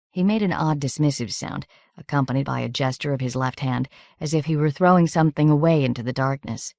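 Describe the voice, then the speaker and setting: A woman narrating an audiobook in a measured, steady reading. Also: very deep voice, gravelly, no echo, studio quality.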